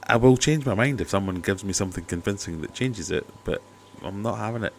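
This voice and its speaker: A fairly low-pitched, creaky male voice moves at a fairly quick clip as he hosts a casual aquarium livestream from home. He's chatty and skeptical with jokey asides, speaking into a cheap desk mic amid slight background noise.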